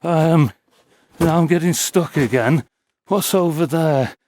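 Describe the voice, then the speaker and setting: An urban explorer vlogger with a fairly high, darkish voice gives slow, breathless commentary while exploring a derelict building with a cellar and broken glass. He mutters to himself with wry asides, recorded on a handheld camera mic as he holds a torch.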